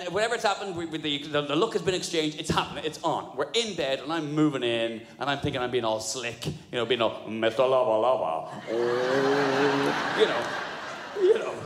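Animated middle-aged man doing stand-up. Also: on the high side. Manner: fast, animated storytelling with put-on voices. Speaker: stand-up comedian. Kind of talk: stand-up comedy routine. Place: large venue with audience. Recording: echoey hall with audience ambience.

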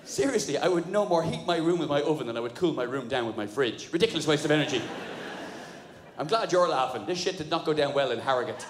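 A man's voice: fairly high pitch, quick pace. Sweary man doing stand-up. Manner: sardonic, sweary, animated storytelling. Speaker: stand-up comedian. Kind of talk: stand-up routine. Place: live comedy venue. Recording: echoey live room with audience noise.

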